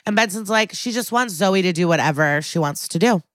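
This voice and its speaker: Woman on a podcast retelling a tv episode, mid pitch, dry close mic, does little voices for the characters. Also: lively intonation, a little fast, dry recording. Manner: chatty storytelling, acting out characters' lines. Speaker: podcast co-host. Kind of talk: casual recap of a TV episode.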